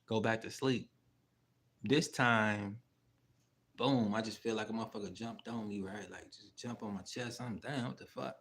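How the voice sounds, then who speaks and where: Fairly low and steady, this man takes his time, his voice a touch bright over slight background noise. He's hosting his own channel, telling a slangy, profanity-heavy story that wanders through fillers and side remarks.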